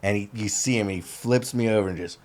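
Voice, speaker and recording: A man's voice: on the low side, a little fast. A man guest on a talk show, telling a story casually and acting out what the other people said in a loose, slangy way. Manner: lively storyteller who acts out other people's lines. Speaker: podcast guest.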